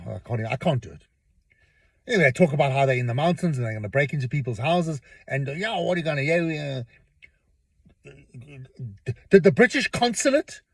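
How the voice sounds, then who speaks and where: A man's voice: a little high, breathy edge, dry recording. A middle-aged man hosting a podcast, rambling through a casual opinion monologue and often repeating his words as he tells stories. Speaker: podcast host.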